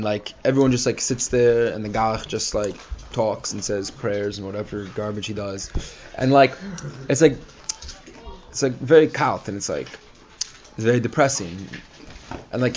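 A man casually telling a personal story, rambling with many fillers and acting out the people he quotes. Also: mid-range voice. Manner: rambling, filler-heavy, animated quoting of others. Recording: dull lo-fi recording with faint hiss.

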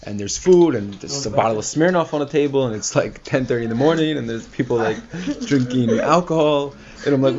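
A man's voice: mid-range voice, brisk, a crowd in the background. A man casually telling a personal story, rambling with many fillers and acting out the people he quotes. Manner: rambling, filler-heavy, animated quoting of others. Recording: dull lo-fi recording with faint hiss.

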